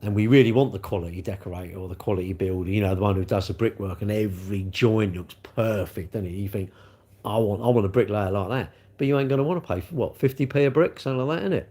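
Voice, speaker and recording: A man's voice: on the low side, fast, hardly any pauses, mellow, slightly rough. Rambling man chatting. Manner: rambling, chatty, reads out viewer comments. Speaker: livestream host. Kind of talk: casual livestream chat.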